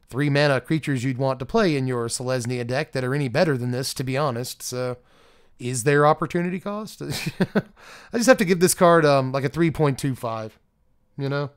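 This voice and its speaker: A man's voice: mid-range voice, fairly quick, smooth. A man with a strained voice hosting a card game channel, reading card text aloud and rating each card in a chatty, self-deprecating way. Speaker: card game channel host reviewing a set. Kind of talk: casual solo review talk.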